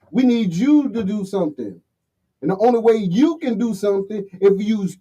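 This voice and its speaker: High, bright-voiced man ranting casually. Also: poor audio. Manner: heated, blunt, swearing. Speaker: livestream host. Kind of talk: profane casual rant reading comments.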